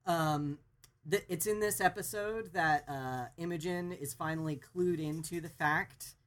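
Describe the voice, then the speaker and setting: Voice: medium pitch, a little slow. A podcast co-host recapping a TV plot in a casual, rambling way with many fillers. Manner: rambling, lots of fillers and restarts.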